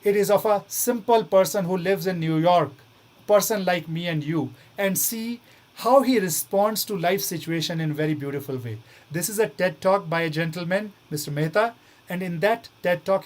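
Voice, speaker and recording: A man giving a motivational talk to students. He earnestly coaxes them along and keeps repeating his questions back to the room. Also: a little high. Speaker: motivational speaker.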